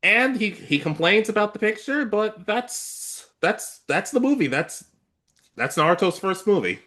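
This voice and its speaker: Man, casual anime review chat, lively swinging pitch, bright tone. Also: unhurried. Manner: animated, joking, quotes characters in put-on voices. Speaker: anime review podcast co-host.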